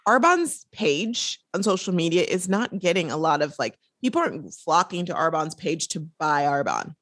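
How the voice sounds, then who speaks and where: A woman's voice: sits low, very animated, fairly bright tone, no echo, studio quality. Chatty woman hosting a podcast. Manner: chatty, playful, quick asides. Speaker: podcast host. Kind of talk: casual podcast chat.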